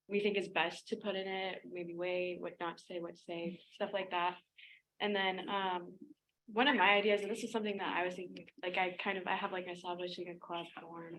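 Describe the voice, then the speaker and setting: A teenage girl talks through her ideas in a loose, rambling way, with plenty of "like" and "um". Her voice sits at a middle pitch. Faint room noise is heard behind her. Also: fairly bright tone, rough recording. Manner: chatty, many fillers and "like". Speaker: student board representative. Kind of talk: casual report at a meeting.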